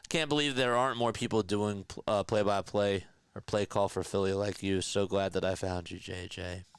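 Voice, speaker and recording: Man, low voice, dry close sound, casual live play-by-play, chatty, reads viewer comments. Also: fairly even intonation, normal speed, clear, resonant tone, dry recording. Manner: chatty, answers viewer comments between pitch calls. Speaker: livestream play-by-play host.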